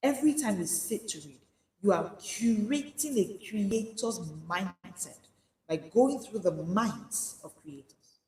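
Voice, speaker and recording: A woman's voice: mid-range voice, animated, slow, darkish tone, a little hiss or hum. A woman teaching a motivational session, stressing and repeating her key phrases. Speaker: speaking coach. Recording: echoey hall with long reverb.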